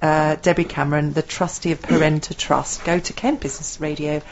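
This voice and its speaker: Low-voiced woman radio co-host. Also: fairly quick, dull audio, slight background noise. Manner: lively, playful banter with co-host. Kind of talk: chatty radio co-hosting and reading announcements. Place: radio studio. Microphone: studio microphone.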